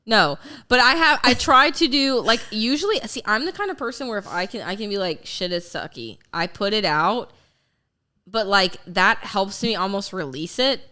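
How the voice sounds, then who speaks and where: A woman's voice: medium pitch, lively intonation, moderate pace, pushed and bright. A young woman co-hosting a podcast in casual, sardonic chat, swearing freely and sniffly from a cold. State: getting over a cold, sniffly. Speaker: podcast co-host, trainer.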